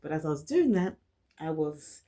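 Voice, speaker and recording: Warm and low-pitched with big swings in pitch, this vlogger from London talks at normal speed in her London accent. Her reflective talk to camera is candid, earnest and encouraging, though she stutters and often repeats or restarts her words.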